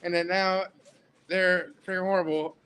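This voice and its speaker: A man with a fairly high voice co-hosting a sports podcast. He talks in a casual way, often restarting his words. He teases his co-host between breakdowns of games. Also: flat delivery, normal speed, sharp tone, slight background noise. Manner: laughing, teasing, stammering restarts.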